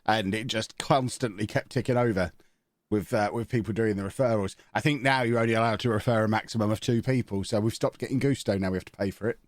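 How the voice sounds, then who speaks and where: A man's voice: on the low side, fast talker, no echo. A man hosting a casual podcast, teasing his co-hosts with dry, joking remarks. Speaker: podcast host.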